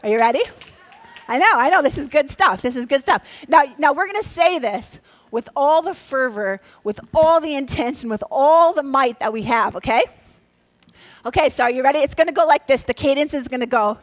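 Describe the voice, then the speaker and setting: High-voiced, energetic woman speaker from Minnesota. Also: fairly quick, no room sound. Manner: energetic, coaxing, leads the crowd in call-and-response; drops to a hushed, soft voice for a quiet exercise. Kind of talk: motivational talk to a live audience.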